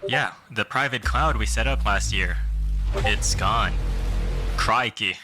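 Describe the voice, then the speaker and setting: A man's voice: lowish voice, slow, over music, pitched below the performer's own voice. A man voicing a panicky male Australian sysadmin in a comic sketch, with a put-on Australian accent and slangy drawl. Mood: deadpan worried.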